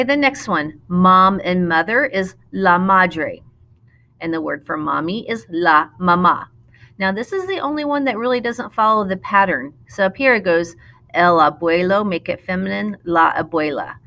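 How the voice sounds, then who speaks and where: A middle-aged woman teaching a recorded lesson. Her voice is bright and forward, set slightly low in pitch. She explains patiently and slows down whenever she models a new word. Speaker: Spanish teacher. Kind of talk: recorded classroom lesson narration.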